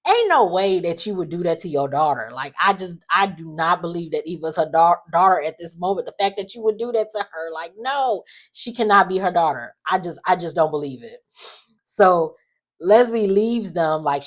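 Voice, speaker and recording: A woman with a low, full voice talks through a soap opera recap. She is animated and throws herself into quoting the characters, with dramatic asides as she goes. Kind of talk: casual recap commentary.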